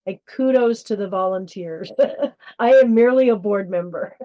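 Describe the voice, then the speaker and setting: Slow, halting woman guest. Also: mid-range voice, highs cut off. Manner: halting, many fillers and restarts. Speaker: guest, charity board member. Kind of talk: casual interview chat.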